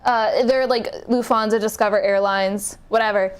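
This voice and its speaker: A young woman vlogger telling a travel story in a loose, animated way, swearing freely and laughing as she goes. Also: medium pitch, moderate pace, smooth. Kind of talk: casual storytime chat.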